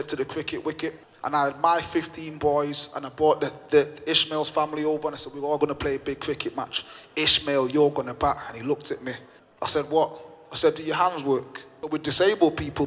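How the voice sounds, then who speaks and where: A man's voice: on the high side, fairly bright tone. A man, a gym owner and podcast guest, telling a story with passionate emphasis and repeated phrases. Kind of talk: storytelling in conversation. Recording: long reverb.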